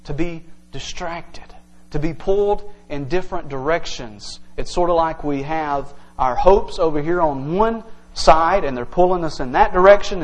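A man's voice: a little high, a little mellow, poor audio. A male pastor preaching an earnest, emphatic evening sermon to his congregation, teaching verse by verse.

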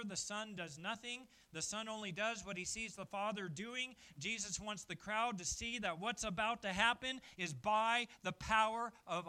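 A male pastor preaching a sermon at a church service, emphatic and swinging from quiet passages to loud ones. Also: sits high, smooth.

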